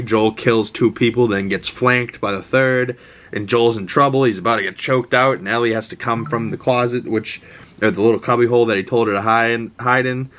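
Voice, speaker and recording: A man in his twenties talks through a TV episode in a loose, excitable ramble. He swears freely and leans on fillers. His voice sits at an ordinary middle pitch. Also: a little fast. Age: 20s. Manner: rambling, profane, enthusiastic with fillers. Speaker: TV show recap vlogger. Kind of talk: casual show recap.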